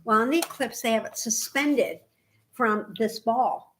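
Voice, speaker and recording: An older woman co-hosting a craft podcast, telling stories in a lively, chatty way and acting out other people's voices. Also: on the high side, measured pace. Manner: animated storyteller, acts out voices. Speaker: podcast co-host. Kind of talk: casual chat.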